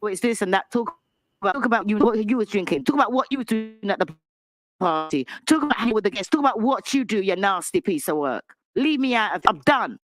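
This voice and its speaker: A woman's voice: medium pitch, expressive, fast. A woman giving an angry, lecturing rant in a clip, calling someone out. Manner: indignant, lecturing.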